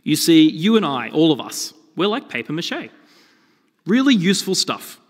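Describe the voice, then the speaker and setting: A man preaching a sermon, telling stories with lively, shifting emphasis. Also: a little high, normal speed. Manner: animated storytelling with shifting emphasis. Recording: long reverb of a hall.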